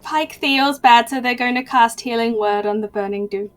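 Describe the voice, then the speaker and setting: A woman playing a tabletop game, describing her character's actions in a calm way. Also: a little high, normal speed. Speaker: player.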